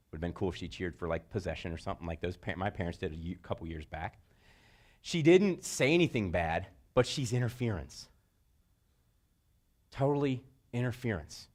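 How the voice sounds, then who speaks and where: A middle-aged man delivers a motivational coaching talk, his voice sitting at an ordinary pitch but swinging up and down with energy. He tells stories animatedly and pops into high, shouted voices for the people he quotes. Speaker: speaker. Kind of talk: motivational talk to sports parents.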